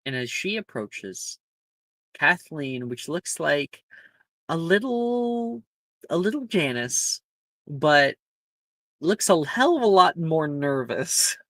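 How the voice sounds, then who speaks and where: A man narrating a tabletop role-playing game as game master, in a measured descriptive way. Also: on the high side, sing-song, a bit bright, no echo.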